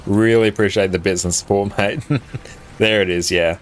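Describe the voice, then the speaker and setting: With a desk microphone picking up slight background noise, an Australian streamer from South Australia talks fairly quickly in a lowish voice. He chats casually while gaming, reading out viewer questions and laughing easily.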